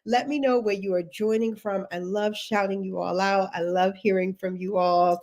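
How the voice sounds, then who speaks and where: A woman's voice: medium pitch, fairly even intonation, normal speed, darkish tone. A woman from Texas with a Texan accent, hosting a casual livestream as a career coach, chatty, laughing often and greeting viewers by name.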